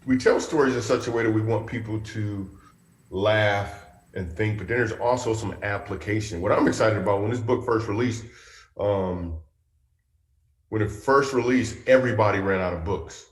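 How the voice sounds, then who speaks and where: A man, a comedian and talk-show guest, telling a personal story in an animated way with playful punchline asides. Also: fairly low pitch, normal speed, roomy sound.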